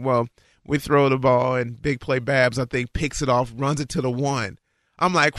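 A man telling a long, animated story about his football days, acting out his own lines. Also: unhurried, no room sound, clean studio sound. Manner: animated, acts out dialogue with rising pitch. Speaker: guest recalling his football career. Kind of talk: casual storytelling.

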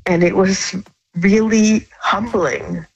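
A woman calling in to a radio show, speaking haltingly and with feeling, often restarting her sentences. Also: medium pitch, fairly even intonation, slightly rough, dull audio. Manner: halting, emotional, with many restarts. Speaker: caller. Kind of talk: phone-in call on a radio show.

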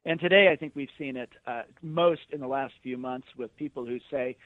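Animated man on a tinny phone line. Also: mid-range voice, a little fast, dry recording. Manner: animated storyteller, mocking quoted voices. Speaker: guest commentator. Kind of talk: phone-in radio interview.

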